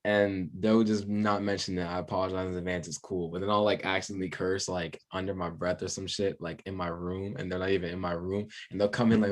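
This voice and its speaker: A young man chatting as a podcast guest musician, laid-back and slangy, telling drawn-out stories. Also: sits low, fairly even intonation. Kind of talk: casual podcast chat.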